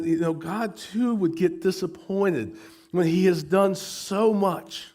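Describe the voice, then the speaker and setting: A man's voice: sits high, slow, darkish tone. A middle-aged American man preaching a sermon, often stumbling and repeating words as he goes. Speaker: pastor.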